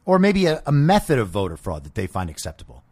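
Combative, profane podcast host ranting. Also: male voice, mid-range voice, huge pitch swings, fast, a little mellow. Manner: sarcastic rhetorical questions. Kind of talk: political podcast monologue.

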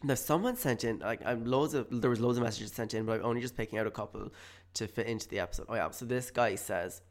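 A man's voice: mid-range voice, fast. Rambling man hosting a podcast. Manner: rambling, hesitant, full of fillers. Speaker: podcast host. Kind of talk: casual solo podcast monologue. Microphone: studio mic with headphones.

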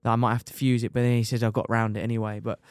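Young racer telling a crash story. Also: male voice, mid-range voice, racing, dry recording, studio quality. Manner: animated storyteller, swears freely, says "mate" often. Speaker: podcast guest, motorcycle racer. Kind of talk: casual storytelling chat.

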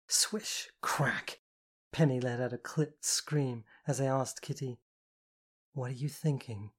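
Narrating a first-person audiobook story, this speaker keeps a steady, middling-pitched voice. The reading feels even and intimate throughout.

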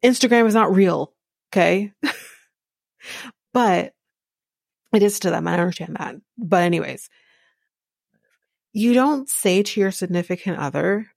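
A woman's voice: medium pitch, expressive, measured pace, vocal fry, long pauses, no room sound, clean studio sound. Blunt, exasperated woman podcast host. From Jamaica. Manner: blunt, exasperated and sarcastic, swears freely, laughs often. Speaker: podcast host recapping a reality show. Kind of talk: casual commentary.

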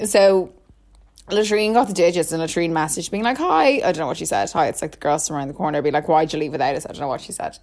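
A young woman spins a rambling party story with a chatty, giggly manner, stringing her sentences together with "like". Her voice sits a little low for a woman. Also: animated, quick pace, darkish tone. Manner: chatty, full of "like", laughs often. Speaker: podcast co-host telling stories. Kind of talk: casual storytelling chat.

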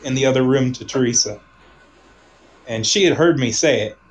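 A man from Omaha telling a personal story in casual conversation, rambling, restarting sentences and trailing off softly. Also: medium pitch, normal speed, poor audio.

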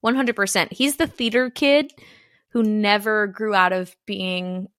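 A woman's voice: mid-range voice, fairly even intonation, unhurried, a bit bright, no echo, clean studio sound. A woman co-hosting a podcast in casual chat, often laughing and answering with brief agreement. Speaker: podcast co-host.

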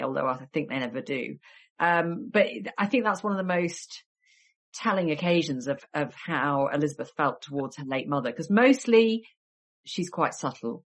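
A woman with a notably low voice and a cold talks through history in a relaxed podcast interview. She tells her stories in a chatty way, dropping wry asides as she goes. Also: normal speed, breathy edge. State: has a cold. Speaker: guest historian and author.

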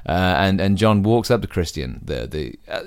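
Low voice guy, bouncy intonation, deadpan comedy storytelling. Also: moderate pace, clear, resonant tone, no echo, studio quality.

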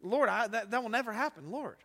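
A man's voice: very high voice, lively intonation, a little fast, bright, forceful tone, in a large hall, heavily acted. A man acting out the apostle Peter as a frightened man who stammers out insistent denials. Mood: panicked.

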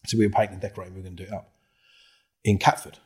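Man, ex-undercover cop, low husky voice, loose storyteller who swears a lot. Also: rapid-fire. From England. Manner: swears a lot, acts out other people's lines with lively quoted voices. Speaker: former undercover police officer, guest. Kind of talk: casual storytelling interview.

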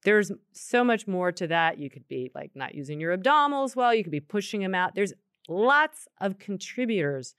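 A woman co-hosting a yoga talk, explaining anatomy in a chatty, animated way. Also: mid-range voice, normal speed, smooth, no room sound, clean studio sound. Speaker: yoga co-host answering questions. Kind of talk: casual podcast chat.

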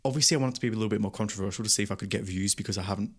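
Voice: low voice, very fast, breathy edge. A young podcast host chatting casually, full of slang and "like" fillers. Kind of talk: casual chat.

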